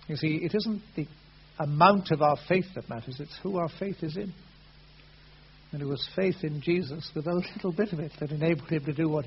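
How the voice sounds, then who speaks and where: A man preaching a sermon, earnest, rising loud and then falling soft. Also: a little high. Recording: dull lo-fi sound with faint hum.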